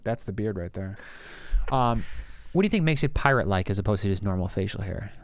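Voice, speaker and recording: A man's voice: on the low side, lively intonation, fairly quick. A man co-hosting a podcast in casual chat, playful, asking lots of questions and laughing often. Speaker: podcast co-host.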